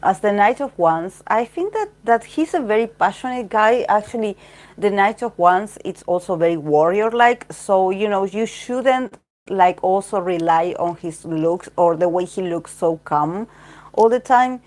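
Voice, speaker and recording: A woman's voice: medium pitch, lively intonation, a little slow, darkish tone. A woman giving a casual spoken tarot reading, rambling and filling her talk with "like" and "you know". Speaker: tarot reader.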